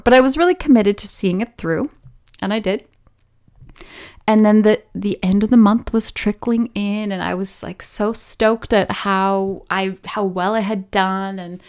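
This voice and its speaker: A woman hosts a podcast and tells her own story. She sounds chatty and animated and breaks into laughter easily. Her voice sits at a middle pitch for a woman. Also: clear, resonant tone. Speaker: podcast host. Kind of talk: personal storytelling.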